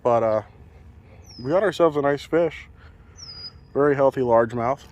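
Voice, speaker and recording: A man's voice: mid-range voice, moderate pace, darkish tone, lo-fi sound. A man talking casually to his viewers while bank fishing, recorded on a chest-mounted camera, chatty and self-deprecating. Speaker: fishing vlogger. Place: outdoors on a lake bank.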